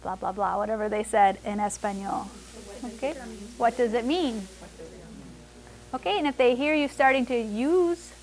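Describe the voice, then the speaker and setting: A woman teaching conversational Spanish to adults, switching between English and Spanish and repeating phrases slowly for the learners. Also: a little high, over music. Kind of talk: classroom language lesson.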